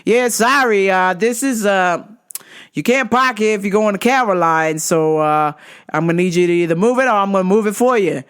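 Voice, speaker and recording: Woman playing a halting, awkward male parking attendant. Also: medium pitch, clean tone, close to an everyday voice. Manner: halting, with many uhs.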